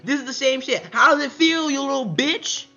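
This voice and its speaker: A man voicing a furious young male swordsman who yells at his enemy with profanity, high and strained. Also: normal speed, highs cut off, heavily acted. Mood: enraged.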